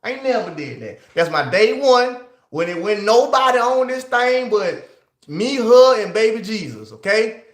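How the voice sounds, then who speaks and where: A man's voice: sits high, normal speed. Hyped-up guy talking to his stream chat, voice bouncing around, echoey room. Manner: excitable, talks straight to his chat. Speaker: livestream host. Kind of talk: casual livestream chat.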